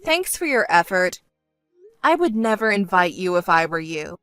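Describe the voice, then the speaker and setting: A woman voicing a level-headed young woman who speaks in a cool, dry and curt way in an animated story. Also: fairly low pitch, moderate pace, smooth, dry recording, soft background music. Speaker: narrating protagonist.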